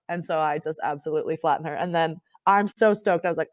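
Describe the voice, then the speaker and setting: A young woman from Canada, a rugby player, telling stories in a casual chat, laughing often and filling pauses with "um" and "like.". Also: lowish voice, darkish tone, no echo, poor audio. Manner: laughs often, lots of fillers.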